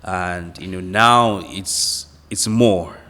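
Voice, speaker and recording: Deep-voiced man, reflective. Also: sharp tone, big-room sound. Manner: slow and reflective, with many fillers. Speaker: podcast guest. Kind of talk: casual podcast chat.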